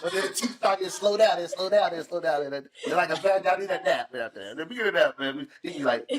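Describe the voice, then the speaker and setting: Animated middle-aged man, echoey room. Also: on the high side, quick pace, a crowd in the background. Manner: animated, acts out quotes in voices. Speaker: podcast co-host. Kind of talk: casual chat, storytelling. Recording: echoey room, mic at a distance.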